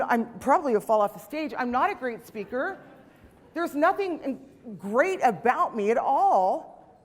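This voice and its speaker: A woman's voice: sits high, long reverb tail. A woman in her late fifties giving a chatty, self-deprecating motivational talk on stage, acting out the voices she quotes. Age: 50s. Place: stage in a large hall.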